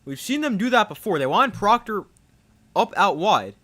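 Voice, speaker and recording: Young male play-by-play caller, high lively voice that jumps on big plays. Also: normal speed. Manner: excitable, rising sharply on big plays. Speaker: play-by-play streamer. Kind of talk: live play-by-play commentary.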